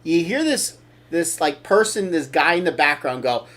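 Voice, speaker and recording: A man's voice: a little high, animated, moderate pace, a bit bright. An older man hosting a casual opinion talk show, blunt and opinionated, rambling with restarts. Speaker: show host.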